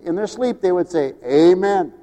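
A man preaching a sermon in an animated way, swinging from loud bursts to low mumbles. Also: moderate pace, in a large hall.

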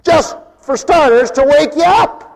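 A man preaching, mocking his listeners with sudden swings between loud bursts and near-whispers. His voice sits high. The sound rings out with a long reverb. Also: unhurried, creaky. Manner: animated, mocking, wide swings in loudness. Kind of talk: sermon.

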